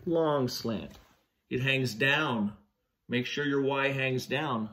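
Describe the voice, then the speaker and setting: A man teaching young children to write letters, giving slow, patient step-by-step instructions. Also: mid-range voice, bright, forceful tone. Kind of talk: children's handwriting lesson.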